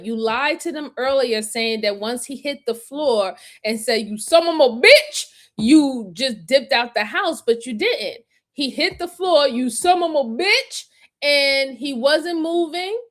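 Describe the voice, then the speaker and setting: A woman hosting a live stream, commenting on an interrogation video in an emphatic, repetitive, scolding way. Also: high-pitched. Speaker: host reacting to an interrogation video.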